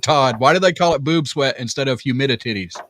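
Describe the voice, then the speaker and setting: An older man co-hosting a casual live-stream chat, reading viewer comments aloud in a halting way, full of fillers and restarts. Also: medium pitch, a bit bright, a little hiss or hum.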